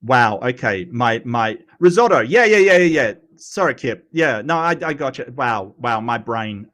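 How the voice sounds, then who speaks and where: A man hosting a casual livestream, animated and self-mocking, often stumbling over his words. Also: medium pitch, a little slow. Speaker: host.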